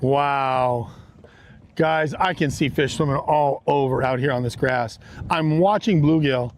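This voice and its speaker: A man hosting a live fishing stream from a boat on a lake, talking excitedly to his viewers. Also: mid-range voice, measured pace. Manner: excited, exclamatory, talks straight to viewers. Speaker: fishing livestream host.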